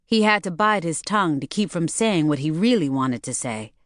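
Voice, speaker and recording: Measured woman narrating a novel. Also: low voice, expressive, no echo, clean studio sound. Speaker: audiobook narrator. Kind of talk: scripted narration.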